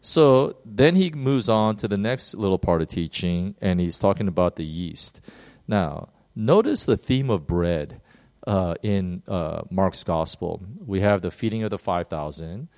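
A man gives a sermon in a fairly low voice, and his pace speeds up and slows down as he goes. He stops and restarts often and acts out quoted lines with sudden jumps in pitch. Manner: animated, uneven pace with many fillers and restarts. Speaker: pastor.

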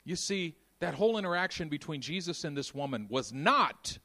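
A man preaching a sermon, moving between quiet intimate passages and loud, fervent stretches. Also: fairly high pitch, lively intonation, normal speed. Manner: dynamic, swings from hushed to shouting.

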